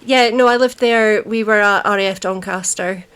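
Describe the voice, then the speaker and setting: A woman co-host chats casually on a podcast mic, chiming in with jokey asides and questions. Her voice sits at a middling pitch. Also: normal speed, fairly bright tone, clear, resonant tone. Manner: chatty, jokey interjections. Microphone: studio podcast mic.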